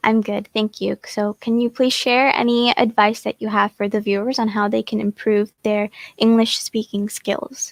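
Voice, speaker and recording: A woman hosts a live stream over a video call. She speaks politely in a somewhat high voice, with a dry, close sound, and reads out viewer comments. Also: little pitch movement, a little fast, few pauses, no room sound. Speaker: host.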